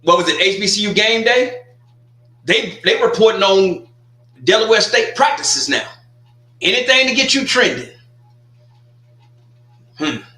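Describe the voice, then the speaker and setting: A man's voice: high voice, lively intonation, unhurried, pauses often, sharp tone, reverberant. A man hosting a casual sports talk livestream, loose and joking, trash-talking teams between restarts and asides.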